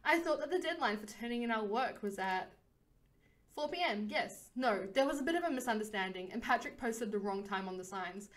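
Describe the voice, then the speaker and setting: A woman's voice: a little high, lively intonation, a little fast, close to an everyday voice. A woman voicing a curt man behind an office desk in a game, speaking dryly and matter-of-factly.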